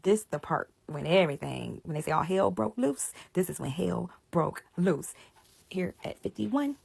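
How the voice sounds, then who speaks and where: Gravelly, husky woman retelling scripture. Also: lowish voice, moderate pace, no room sound. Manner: animated, conversational, often drops to a hushed whisper. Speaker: Bible storyteller.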